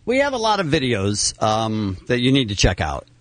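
A man co-hosting a radio talk show, reading listener emails with an animated, joking tone. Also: mid-range voice, moderate pace, no echo.

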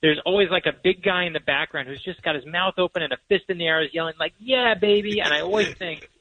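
A man's voice: fairly high pitch, fast, lo-fi sound. A man guesting on a radio interview as an author, telling stories with self-deprecating humor. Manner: animated storyteller, self-deprecating.

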